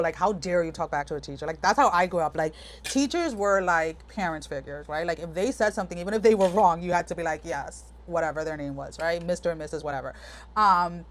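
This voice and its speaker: A woman giving a casual pick-a-card tarot reading, talking frankly and rambling with lots of fillers and restarts. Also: lowish voice. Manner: chatty, meandering, many fillers and restarts; frank, direct address to the viewer. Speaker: tarot reader.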